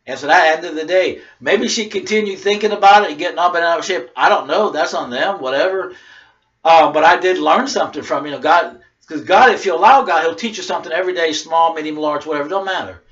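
A man preaching in a loose, conversational way, drifting through a personal story with frequent "you know" and "right?" asides. His voice sits a little high for a man. The recording sounds dull and lo-fi. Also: fast, a bit bright. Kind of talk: informal sermon with personal story.

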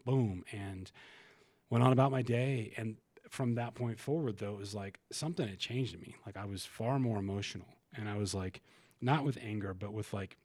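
With a lowish, darkish voice and no echo, this podcast guest shares a personal story candidly. He's emotional and frank, swearing at times and often starting his sentences over.

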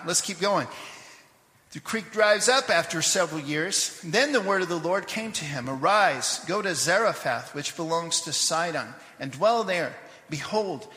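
A man preaching a sermon, telling a scripture story in a lively way with asides to the congregation; he grew up in Papua New Guinea. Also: fairly high pitch, echoey room, long reverb tail. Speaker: pastor. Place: church sanctuary.

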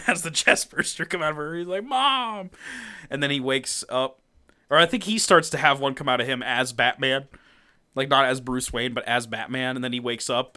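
A man co-hosting a podcast, recapping a comic in casual chat, animated, laughing often and swearing freely. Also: medium pitch, smooth. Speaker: podcast co-host.

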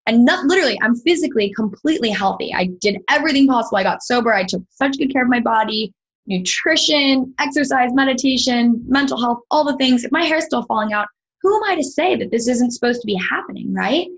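Breathy woman, podcast guest, earnest storyteller, animated. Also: on the high side, fast talker, poor audio. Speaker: podcast guest, sound healer. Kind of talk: personal storytelling in an interview.

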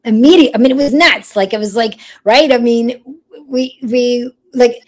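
A woman's voice: fairly high pitch, moderate pace, a little mellow. A woman in her thirties, a children's TV performer, telling stories as an interview guest, chatty and laughing often, doubling back mid-sentence. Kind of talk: casual interview storytelling.

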